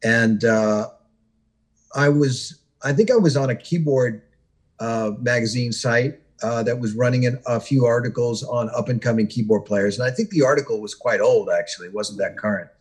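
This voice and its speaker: Hoarse, husky man telling a story. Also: mid-range voice. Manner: rambling, many pauses and uhs, warm storyteller. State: hoarse, losing his voice. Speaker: guest musician. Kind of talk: interview storytelling.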